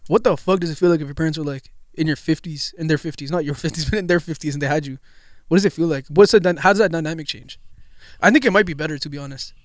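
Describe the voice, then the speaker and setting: Fast-talking young man, profane banter. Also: a little high, no room sound, clean studio sound. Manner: swears freely, rambling and animated. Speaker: podcast co-host. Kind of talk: casual chat.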